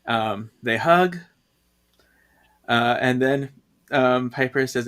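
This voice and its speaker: A man's voice: medium pitch, slow pace, a bit bright, smooth. A man co-hosting a podcast, emotionally recapping a comic with gasps and laughter. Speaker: podcast co-host. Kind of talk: casual chat, recapping a comic.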